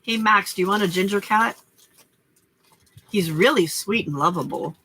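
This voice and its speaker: A woman's voice: medium pitch, normal speed, bright, forceful tone, slight background noise. A middle-aged woman hosting a late-night crafting livestream from home, chatting casually and talking to her cats and viewers between stories.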